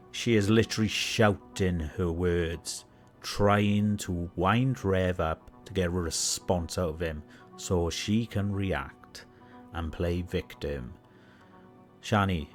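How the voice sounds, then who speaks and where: Sarcastic lower-voiced male commentator. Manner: mocking, lecturing, talks straight to the subject. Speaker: drama commentator.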